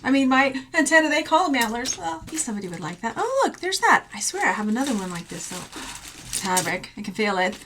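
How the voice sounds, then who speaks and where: A woman's voice: on the high side, big pitch swings, normal speed, a bit bright, breathy edge. A woman from Texas, a thrift jewelry reseller, chatting playfully through an unboxing vlog with jokey asides and silly sound effects.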